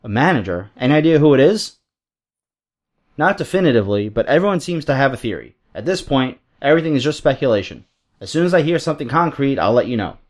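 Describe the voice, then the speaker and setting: A man voicing a female backstage reporter, read in a brisk, matter-of-fact way. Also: mid-range voice, big pitch swings.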